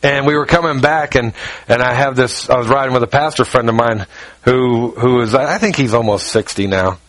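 A pastor preaching a conversational sermon, rambling informally with restarts and slang. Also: male voice, mid-range voice, moderate pace, fairly bright tone, rough recording.

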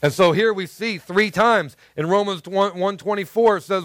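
A man from the American South preaching earnestly. His voice sits somewhat high, and he often restarts on repeated words as he works through a point. The sound is dry and close, with no room around it. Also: normal speed, fairly bright tone, dry recording. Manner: earnest, repeats words, addresses the crowd as guys. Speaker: pastor. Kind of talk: sermon.

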